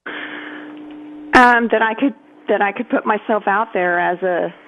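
A woman calling in to a show, speaking hesitantly with halting restarts. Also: medium pitch. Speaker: caller. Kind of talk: call-in conversation. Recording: tinny phone line.

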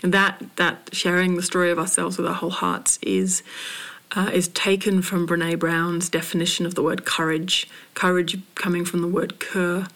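A woman from Britain, a spoken word poet and coach, hosting a podcast in a slow, searching monologue with restarts and soft breathy passages. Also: on the low side, level tone. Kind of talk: reflective solo podcast monologue.

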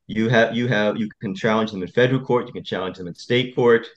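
A man's voice: fairly low pitch, fast, highs cut off. A male attorney speaking as an interview guest, emphatic and repetitive as he tells stories. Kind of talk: interview conversation.

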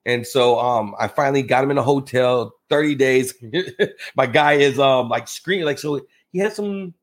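A man telling a story as a podcast guest, acting out the people in it with lively jumps in his voice. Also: normal speed. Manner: animated, acts out quotes with big pitch jumps. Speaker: podcast guest, real estate investor. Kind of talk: casual storytelling in conversation.

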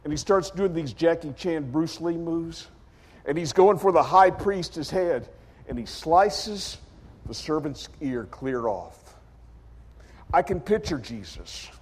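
A man preaching a sermon as dramatic storytelling, acting out scenes in character voices and swinging from shouts to quiet. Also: a little high, animated, slow, husky. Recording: long hall reverb.

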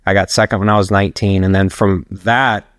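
A man's voice: sits low, flat delivery, fairly quick, clean tone, dry recording, studio quality. A middle-aged man, a personal trainer, telling long rambling stories as a guest in a casual interview. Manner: rambling, anecdotal, laughs while telling stories.

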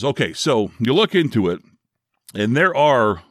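A man's voice: on the high side, sing-song, normal speed, a bit bright, dry recording, clean studio sound. A middle-aged man from Northeast Ohio, a former radio DJ, hosting his own podcast in a chatty, self-deprecating way. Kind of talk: casual solo podcast monologue.

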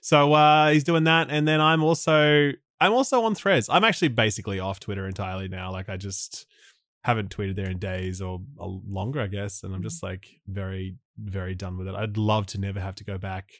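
A man's voice: lowish voice, fairly quick, fairly bright tone, dry recording. Laid-back man, dry close sound. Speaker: video game YouTuber. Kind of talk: casual podcast chat.

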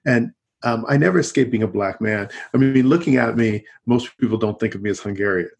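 A man's voice: lowish voice, a little fast, creaky, muffled recording. A middle-aged man, a college teacher, talking as a guest in an easygoing, rambling interview. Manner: rambling, peppered with "you know, and so on". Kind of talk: conversational interview.

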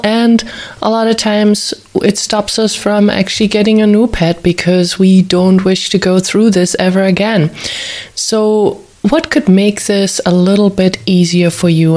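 A woman hosting a reflective talk, speaking softly and slowly as she guides listeners through gentle questions. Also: mid-range voice. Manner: slow, soothing, asks many gentle questions. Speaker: host.

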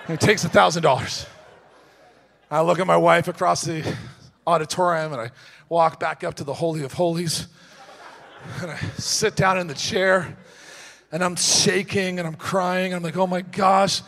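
Male preacher with a high voice, lively storytelling sermon, quiet asides rising to shouts. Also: vocal fry. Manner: storytelling, swings from hushed to shouting.

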